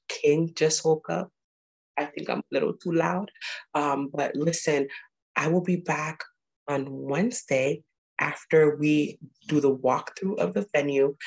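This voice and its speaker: A woman's voice: a bass voice, vocal fry, low-quality recording. A woman hosting her own show and speaking live to viewers in an earnest, urging way that often repeats itself. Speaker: show host. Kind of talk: live-stream address to viewers.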